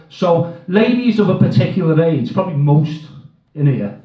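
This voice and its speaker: Man, stand-up comic, crude and swearing, slightly high voice, echoey, far off, muffled. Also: expressive, normal speed. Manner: crude, swearing, self-mocking. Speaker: stand-up comedian. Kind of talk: stand-up comedy set. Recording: echoey, distant, dull live sound.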